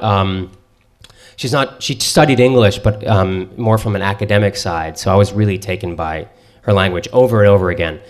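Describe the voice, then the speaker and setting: A man hosting a live book club discussion in a bookstore, talking haltingly with many fillers and restarts. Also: on the low side. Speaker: podcast host. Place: bookstore event before a live audience.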